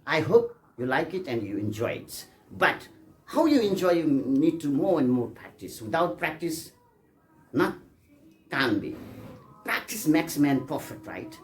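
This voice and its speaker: A man's voice: mid-range voice, very animated, a little slow. A man teaching an English pronunciation lesson, repeating examples and coaxing his students, often checking they follow. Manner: repetitive, coaxing, with frequent checks for understanding.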